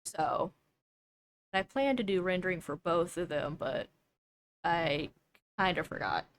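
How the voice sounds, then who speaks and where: A woman's voice: lowish voice, lively intonation, unhurried, slight background noise. A young woman streamer chatting casually while she draws, thinking aloud and doubting herself as she goes. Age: young adult.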